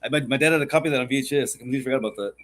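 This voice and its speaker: A man co-hosting a podcast, telling stories in casual chat, excitable and profane, often repeating himself as he builds up. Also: mid-range voice, racing. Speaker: podcast co-host.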